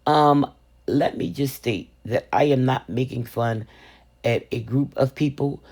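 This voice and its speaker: A woman's voice: extremely low pitch, measured pace, a little mellow. An older woman hosting a crafting vlog, telling a story in a sassy, playful way and calling herself Mama. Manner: sassy, playful, calls viewers baby and sugar, refers to herself as Mama. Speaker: resin crafting video host.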